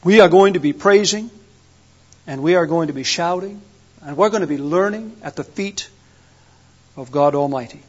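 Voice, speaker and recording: A man's voice: on the high side, normal speed, long pauses, lo-fi sound. A man preaching a sermon with fervent, rising and falling emphasis.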